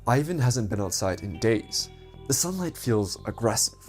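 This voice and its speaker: A man's voice: mid-range voice, very animated, normal speed, soft background music. A man reading a scripted story in a dramatic narrating manner.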